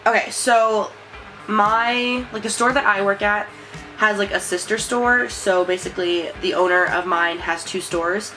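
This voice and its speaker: A young woman chats to camera in a loose, rambling vlog manner, stringing thoughts together with plenty of fillers. Her voice sits at an ordinary pitch for a woman. Soft music plays faintly underneath. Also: steady tone, measured pace, low-quality recording. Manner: chatty, rambling, many fillers and likes. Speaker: vlogger. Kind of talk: casual chat to camera.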